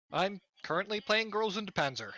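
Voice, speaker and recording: A man chatting playfully as a player in a tabletop game, quick to laugh. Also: high voice, sing-song, sharp tone, dry recording. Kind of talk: casual chat at the game table.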